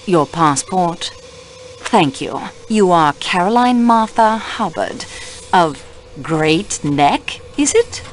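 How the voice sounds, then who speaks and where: A woman voicing a polite, formal male detective with a French accent in a radio play, asking calm, measured questions. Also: on the low side, slight background noise.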